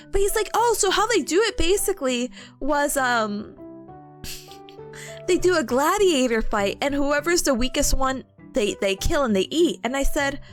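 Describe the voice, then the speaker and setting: A young woman streaming and chatting casually, telling stories in an animated way with bursts of laughter. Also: sits high. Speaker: VTuber streamer. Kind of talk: casual chat.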